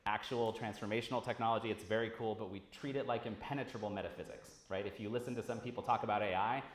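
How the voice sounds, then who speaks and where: A man giving a casual, animated conference talk, swearing freely as he speaks. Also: on the low side, fast talker. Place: large lecture hall. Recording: roomy hall sound.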